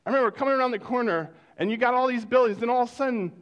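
A male pastor preaching a sermon in a conversational storytelling way, dropping to hushed exclamations of wonder. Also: very high-pitched, rapid-fire, lo-fi sound.

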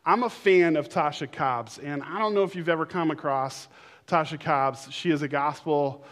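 A man preaching a sermon to his congregation, conversational and animated, breaking into shouts of excitement. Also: a little high, normal speed. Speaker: pastor. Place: church sanctuary.

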